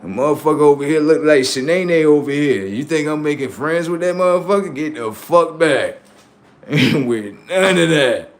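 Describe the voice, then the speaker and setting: A man's voice: a little high, lively intonation, moderate pace. A young man live-streaming, doing brash, profane, mocking banter with his chat. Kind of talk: casual live-stream commentary.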